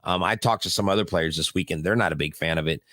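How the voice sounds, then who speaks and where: A man co-hosting a sports podcast in casual chat, animated and chuckling as he talks. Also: low voice, fast talker, no room sound. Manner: animated, chuckles mid-sentence. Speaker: podcast co-host.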